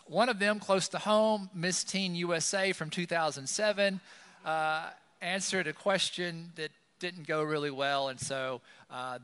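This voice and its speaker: Chatty bright-voiced man preaching. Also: fairly high pitch, smooth, long reverb tail. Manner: conversational, chatty with fillers. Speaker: pastor. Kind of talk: sermon. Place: church sanctuary.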